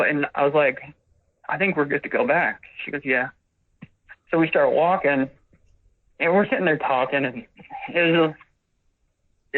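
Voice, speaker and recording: A man in his forties, a witness on a phone interview, telling his story in a rambling way and acting out what was said. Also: fairly high pitch. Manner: rambling, acts out quoted dialogue. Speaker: witness caller. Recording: tinny phone line.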